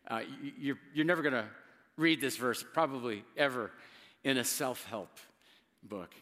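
A middle-aged male pastor preaching in a conversational, emphatic way, with dramatic pauses and words he repeats. His voice is bright and forceful. It rings out with a long reverb, as if he is in a large hall. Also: medium pitch. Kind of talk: sermon.

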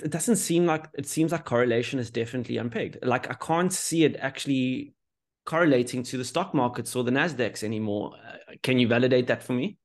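A man with a middle-range voice hosts a podcast. He asks long, rambling questions with real enthusiasm and murmurs agreement while his guest talks. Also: medium pitch. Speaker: podcast host. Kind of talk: podcast conversation.

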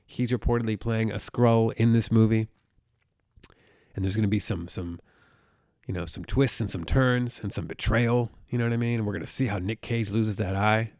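A man hosting a solo podcast, talking casually in an excitable, jokey, profane way. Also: fairly low pitch, normal speed, dry recording. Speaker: podcast host. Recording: close podcast mic.

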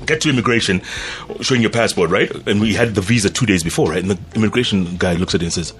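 A man's voice: fairly low pitch, fast, breathy edge, soft background music. A male radio host telling a casual anecdote and acting out the voices of the people he quotes.

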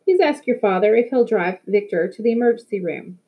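A firm, caring soccer coach from a storybook, as a woman reading aloud puts her on, matter-of-fact and no-nonsense. Her voice is softer than the narration, and the recording is dull and lo-fi. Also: medium pitch, expressive, brisk, natural voice. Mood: concerned.

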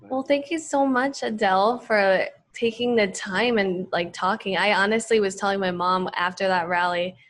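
A woman's voice: medium pitch, steady tone, normal speed, hardly any pauses, fairly bright tone, slight background noise. A young woman hosts a casual podcast interview. Her voice is mid-range, and she speaks with eager enthusiasm. Her speech is peppered with casual fillers. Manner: enthusiastic, gushing, with many fillers like "like". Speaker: podcast host.

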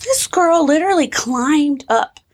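High-voiced pregnant woman telling animated stories. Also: unhurried. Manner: animated storyteller, acts out quotes. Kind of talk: casual chat.

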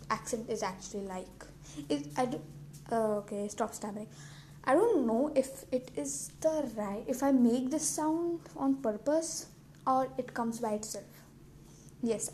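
A teenage girl vlogs to camera in a high-pitched, somewhat dark-toned voice, with faint background noise. Her casual monologue rambles, pokes fun at herself, and is full of giggles.

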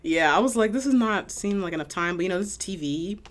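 Brief: young co-host, relaxed and casual, middle pitch, filler-heavy recap talk. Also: fast talker. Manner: laid-back, skeptical, many fillers, laughs often. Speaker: podcast co-host. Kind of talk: casual chat recapping a TV episode.

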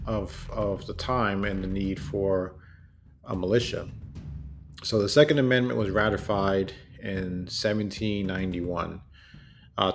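A man hosting a solo commentary podcast, talking in an earnest, deliberate way with fillers and self-corrections. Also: lowish voice, gravelly. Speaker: podcast host. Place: home in Germany.

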